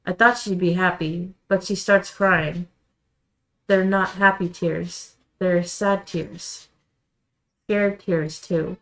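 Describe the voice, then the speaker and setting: A woman streamer reading a visual novel aloud in quiet, measured first-person narration. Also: on the low side, fairly even intonation, rough recording. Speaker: let's-play streamer.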